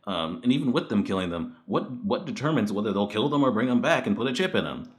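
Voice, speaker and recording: A man's voice: on the low side, big pitch swings, quick pace. A man giving a casual spoken movie review, blunt and profane, ranting in exasperation with frequent laughs.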